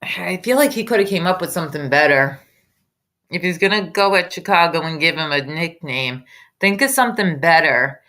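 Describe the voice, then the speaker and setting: Woman, commentary host, sarcastic and mocking, bright edgy voice, lowish pitch. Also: animated, normal speed. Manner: mocking, sarcastic, combative ranting. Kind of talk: reaction commentary over a played clip.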